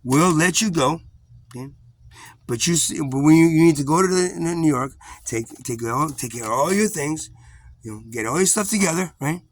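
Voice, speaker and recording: A man's voice: fairly high pitch, moderate pace, voice pushed up, close to an everyday voice. A man voicing a stern male military commanding officer who talks in a blunt, lecturing way. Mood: firm.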